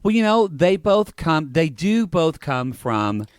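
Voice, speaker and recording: A man's voice: fairly high pitch, sing-song, slow, clear, resonant tone, dry recording, studio quality. Campy podcast co-host man. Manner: campy, joking. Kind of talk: casual chat.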